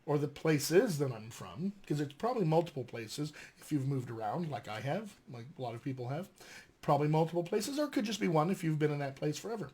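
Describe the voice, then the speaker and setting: A man who coaches dialects, speaking in a mostly General American accent and teaching a casual recorded lesson in a lively, conversational way with frequent fillers. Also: a little high, fairly quick, breathy edge. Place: filmed at home with flashcards.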